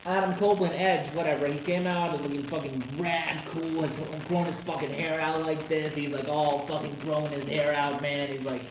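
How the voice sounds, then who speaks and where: A man ranting on a casual live stream about wrestling, swearing constantly and rambling with sudden excited outbursts. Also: a little high, normal speed, hardly any pauses. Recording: echoey room with noisy background.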